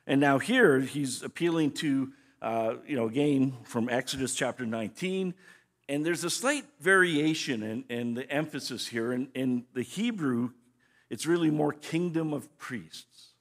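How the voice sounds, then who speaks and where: A man's voice: mid-range voice, measured pace, a bit bright. A man teaching scripture as a pastor in a conversational, explanatory way, often restarting his phrases. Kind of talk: sermon teaching.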